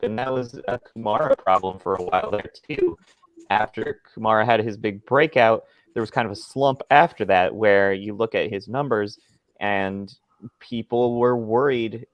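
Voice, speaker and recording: A man's voice: on the low side, clean tone, no room sound. A man co-hosting a casual fantasy football podcast over a remote call, giving confident, opinionated takes. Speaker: podcast co-host.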